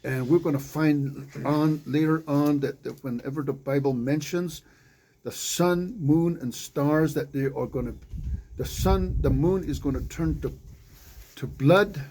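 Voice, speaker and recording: A man leading an informal Bible study in a small group, reading scripture aloud and adding unhurried conversational asides. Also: a little high, darkish tone, slight background noise, poor audio.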